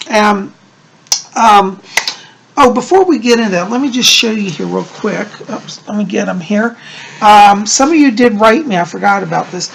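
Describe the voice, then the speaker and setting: A man chatting to camera as a psychic and Wiccan high priest, gushing and rambling from one aside to the next. His voice is gravelly with a husky, breathy edge. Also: a bit bright. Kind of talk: casual chat to camera.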